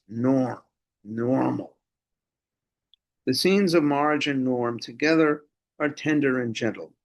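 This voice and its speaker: An older man delivers a film lecture in a measured, even tone. He drops in the occasional dry aside without raising his voice. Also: medium pitch.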